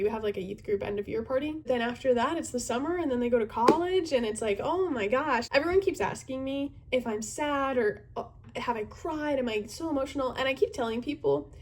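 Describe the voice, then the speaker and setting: Earnest chatty young woman, higher voice. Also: a little fast, breathy edge. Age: 20s. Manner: chatty, earnest, reflective, lots of fillers. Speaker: youth group leader. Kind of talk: casual chat to camera.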